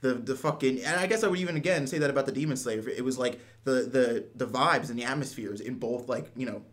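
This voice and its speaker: A man's voice: medium pitch, fast talker. A young man co-hosting an anime discussion, laughing often and acting out lines from the show. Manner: laughs often, acts out quotes. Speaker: anime podcast co-host. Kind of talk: casual chat.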